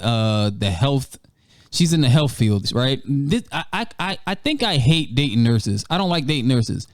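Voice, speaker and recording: A man's voice: fairly high pitch, no room sound, studio quality. A man hosting a gaming channel, telling a casual, profane story over gameplay and laughing often.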